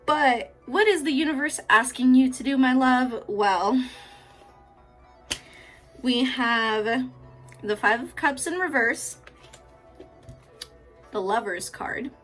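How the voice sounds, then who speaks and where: A woman's voice: high voice, slow, pauses often, a bit bright, faint music behind. A woman giving a casual pick-a-card tarot reading, chatty, affectionate and freely profane, often laughing. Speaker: tarot reader.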